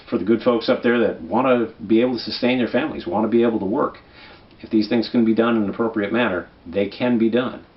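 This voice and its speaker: A man's voice: fairly low pitch, muffled recording. Persuasive Minnesotan man, conversational. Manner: conversational, persuasive, checks in with "right?". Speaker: political commentary host. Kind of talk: comic election guide monologue.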